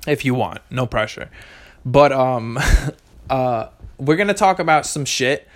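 A man's voice: medium pitch, lively intonation, unhurried. A young man hosting a solo podcast, rambling casually with lots of swearing and self-contradiction. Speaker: podcast host.

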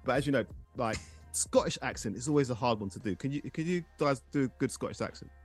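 A man hosting a casual podcast chat, playful and quick to laugh. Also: medium pitch, faint music behind. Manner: playful, animated, laughs often. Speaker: podcast host.

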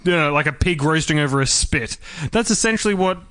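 A young Australian man co-hosting a podcast, casual chat with a joking, deadpan humor. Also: fairly high pitch, brisk, dry recording, studio quality. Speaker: podcast co-host.

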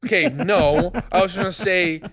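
A young man with a somewhat high voice co-hosts a casual podcast. He rambles and teases, with crude jokes throughout. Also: normal speed, fairly bright tone. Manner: rambling, teasing, crude banter. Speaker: podcast co-host. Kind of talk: casual chat.

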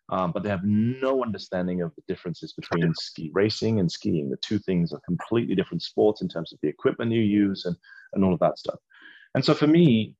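A man who is a guest ski racer, explaining his sport in a measured way during an interview. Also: sits low, a little mellow, no echo. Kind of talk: casual interview. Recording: dry, slightly dull sound.

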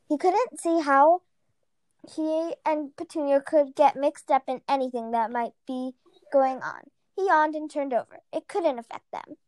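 A woman reads a storybook aloud, now and then tripping over words and fixing them. Her voice is high. The sound is dry. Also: a little mellow, dry recording. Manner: stumbling, self-correcting. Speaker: reader.

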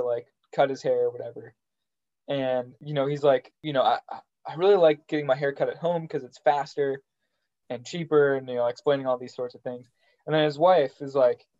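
A man co-hosting a podcast in casual chat, joking and halting with frequent restarts. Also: a little high, dark tone. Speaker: podcast co-host. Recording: dull lo-fi sound.

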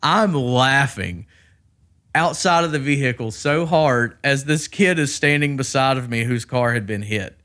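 A man, a podcast host telling a long story in casual chat, swearing freely and loudly acting out what people said. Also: mid-range voice, unhurried. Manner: profane, animated storyteller who acts out quotes loudly.

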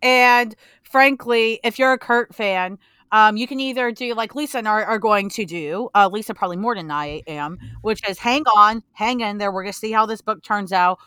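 A woman's voice: mid-range voice, moderate pace, pushed and bright, clean tone, dry recording. A woman co-hosting a casual comics podcast, talking animatedly, repeating points for emphasis and swearing freely. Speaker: podcast co-host.

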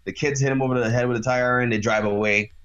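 Bright-voiced man retelling a plot. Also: mid-range voice, racing, clean tone, muffled recording. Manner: animated storyteller with many fillers. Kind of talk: casual chat, retelling a show's plot.

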